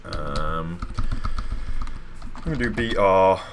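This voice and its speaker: A man's voice: sits low, lively intonation, takes it slowly, noisy background. A man live-streaming a building game, chatty and rambling, with playful sound-effect interjections. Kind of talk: casual live game commentary.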